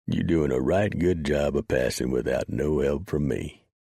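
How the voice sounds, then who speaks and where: A man doing a gruff mountain man, dry and drawling. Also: rumbling low, normal speed, warm tone, dry recording, exaggerated voice. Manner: drawling backwoods grammar, dry sarcasm. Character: rough frontier mountain man, gruff and blunt.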